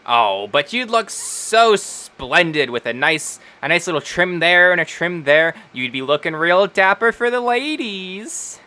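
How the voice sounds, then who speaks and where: A man's voice: high-pitched, big pitch swings, a little slow, few pauses, bright, forceful tone, pitched above the performer's own voice, heavily acted. A man voicing a flirty, skinny halfling woman who runs a bathhouse, with a sing-song, fawning way of talking in tabletop role-play. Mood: gushing. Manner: sing-song, fawning, calls people cutie and darling.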